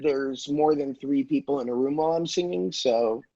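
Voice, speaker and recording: A man who is a voice actor, telling quick, animated and self-deprecating stories on a video call panel over dull lo-fi call audio. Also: medium pitch, vocal fry.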